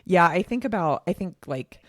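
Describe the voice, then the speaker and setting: A woman's voice: on the low side, lively intonation, moderate pace, no room sound, clean studio sound. A woman, co-hosting a podcast in a casual, sarcastic, laughing way. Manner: sarcastic, laughing, filler-heavy. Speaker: podcast co-host.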